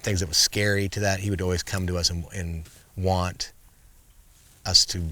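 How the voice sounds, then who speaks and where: A middle-aged man in casual interview chat, an animated storyteller who acts out the commands he once gave his bear. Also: low voice, normal speed, a little hiss or hum. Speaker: guest, wildlife filmmaker.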